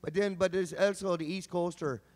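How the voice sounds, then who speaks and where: A man's voice: sits high, fairly even intonation, moderate pace, a little mellow, in a large hall. A man from British Columbia, a voice actor chatting casually and joking on a convention panel. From British Columbia, Canada. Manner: jokey, rambling.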